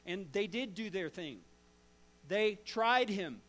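A man preaching a sermon as a dramatic story, swinging from loud to hushed and asking the listeners direct questions. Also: high voice, animated, takes it slowly. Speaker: pastor.

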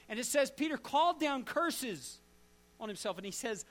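A man preaching a sermon as a dramatic story, swinging from loud to hushed and asking the listeners direct questions. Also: very high-pitched, very animated, moderate pace. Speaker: pastor.

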